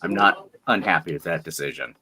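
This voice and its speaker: A man's voice: low-pitched, brisk, pushed and bright, husky. A man guesting on a livestream, chatting in a wry, self-deprecating way. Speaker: stream guest. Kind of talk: casual chat.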